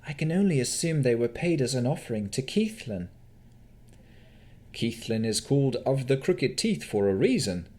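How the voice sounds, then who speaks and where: A man voicing a calm young adventurer woman. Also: medium pitch, moderate pace, voice pushed up, lightly acted. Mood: grim. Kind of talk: audiobook character voice.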